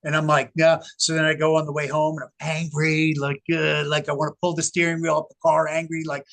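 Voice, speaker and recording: A middle-aged man, a researcher, telling his story in an interview with animated, emphatic delivery. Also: a little high, fairly quick, gravelly. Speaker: guest, researcher. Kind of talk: casual interview talk.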